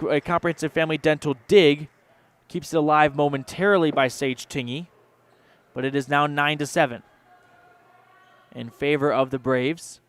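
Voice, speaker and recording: A man calls a volleyball match for local radio, his voice smooth and clear. He pitches a little high and reels off the action in quick play-by-play, weaving sponsor names into the calls. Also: fairly even intonation. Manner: rapid play-by-play with sponsor mentions. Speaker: play-by-play announcer. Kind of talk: local radio sports commentary.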